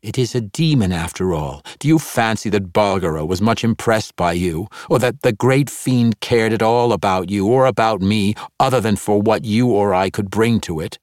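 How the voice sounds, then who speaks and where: Man reading a mocking scheming woman, low voice, audiobook. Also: normal speed, few pauses, darkish tone, dry recording, studio quality, close to an everyday voice. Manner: mocking, teasing. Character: scheming sardonic woman, cruelly amused.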